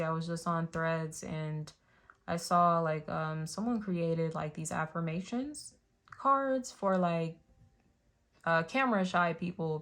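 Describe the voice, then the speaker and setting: A woman giving a casual spiritual tarot reading, rambling with many fillers and restarts. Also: sits low. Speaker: tarot reader.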